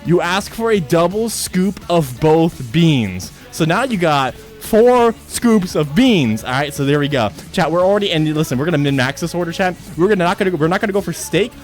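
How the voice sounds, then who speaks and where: A young man chatting with his livestream chat, excitable, swearing freely and repeating himself at home. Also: fairly high pitch, moderate pace, hardly any pauses, soft background music. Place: home streaming setup.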